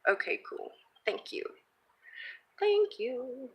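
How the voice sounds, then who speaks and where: A woman's voice: high voice, very animated, takes it slowly, husky, muffled recording. A woman crafting vlogger chatting casually as she works and thinks aloud, reading viewer comments. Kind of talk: casual live-stream crafting chat.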